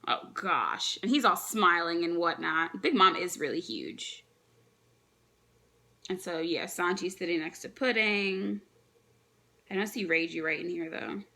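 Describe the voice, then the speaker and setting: A young woman reacting live to a comic chapter, chatty and excited, thinking aloud with frequent restarts. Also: on the low side, a little slow, creaky, long pauses. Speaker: manga reaction vlogger.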